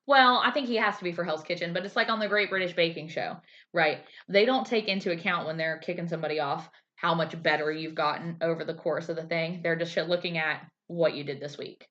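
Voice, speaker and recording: Animated woman podcaster, lower voice. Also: fairly quick. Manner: animated storyteller, acts out quotes in a raised voice. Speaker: podcast co-host. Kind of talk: casual chat recapping a TV episode. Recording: slightly dull lo-fi sound.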